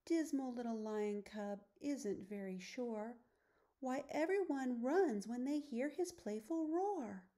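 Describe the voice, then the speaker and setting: A woman teacher reading a children's picture book aloud, soft and often hushed. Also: a little high, expressive, takes it slowly.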